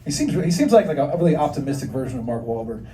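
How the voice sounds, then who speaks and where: A man's voice: medium pitch, very animated, rapid-fire, heavy background noise. A man in his thirties doing a crude, self-deprecating stand-up set and riffing with the audience. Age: 30s. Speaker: stand-up comedian. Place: comedy club stage with a laughing crowd. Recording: roomy live club sound from a distance.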